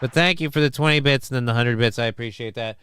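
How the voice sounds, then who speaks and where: A man's voice: medium pitch, quick pace, noisy background. A man hosting a casual livestream, rambling crudely, reacting to clips and reading chat aloud while feeling sick. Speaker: livestream host.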